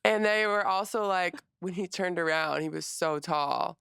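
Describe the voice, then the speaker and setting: A young adult woman co-hosting a casual podcast, retelling stories quickly with lots of quoted reactions. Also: lowish voice, creaky, a bit bright, smooth, dry recording, studio quality. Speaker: podcast co-host. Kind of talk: casual chat.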